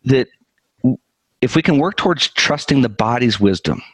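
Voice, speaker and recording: A man's voice: mid-range voice, animated, moderate pace, breathy edge, no echo, rough recording. A man hosting a podcast, talking in a reflective, conversational way about his practice. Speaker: podcast host.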